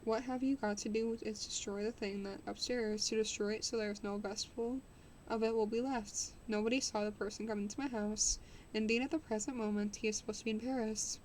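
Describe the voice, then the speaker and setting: A woman reading the lines of a desperate young gentleman aloud from a novel, urgent and pleading, with small slips. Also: a little high, steady tone, a little fast, a little hiss or hum, close to an everyday voice.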